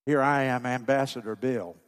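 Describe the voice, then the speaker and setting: A pastor preaching a sermon to his congregation, pleading with fervor, then dropping to a hushed voice. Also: medium pitch, steady tone, normal speed, smooth. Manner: impassioned, pleading preacher who drops to a hushed voice. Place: church sanctuary. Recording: long hall reverb.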